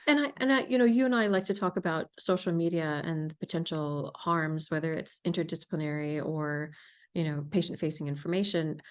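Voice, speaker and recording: A woman hosting a podcast interview, telling stories in a casual, emphatic and animated way. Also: low voice, brisk. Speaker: podcast host.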